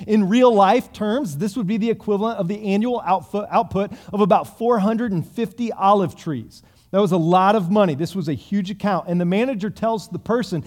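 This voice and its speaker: A male pastor preaching a sermon, retelling a parable and acting out the characters' lines in a lively storytelling manner. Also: high-pitched, moderate pace.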